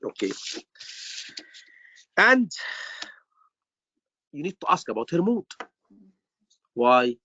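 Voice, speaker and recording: A man tutoring students for an exam, acting out doctor and patient lines in an animated way and repeating his questions. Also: on the high side, takes it slowly, pauses often. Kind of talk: online teaching discussion. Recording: dull lo-fi recording.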